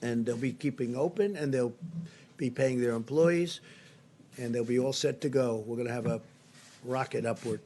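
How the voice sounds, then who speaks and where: Speaking at a moderate pace in a mellow, medium-pitched voice, an older political leader delivers press briefing remarks from a podium microphone in a briefing room. A little hiss or hum is audible, and he is repetitive and emphatic, leaning heavily on superlatives.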